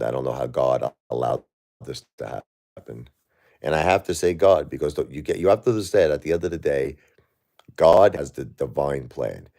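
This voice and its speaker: A middle-aged man live-streaming while grieving, talking to his chat in halting, repetitive, emotional bursts. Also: a bass voice, gravelly, dark tone.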